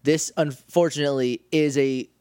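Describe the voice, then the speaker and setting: A man's voice: a little high, steady tone, normal speed, darkish tone, smooth, no room sound, clean studio sound. A man from New Hampshire co-hosting a podcast, chatting casually and joking around with lots of laughter. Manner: joking, laughs often, quotes scenes in put-on voices. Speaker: podcast co-host. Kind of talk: casual chat.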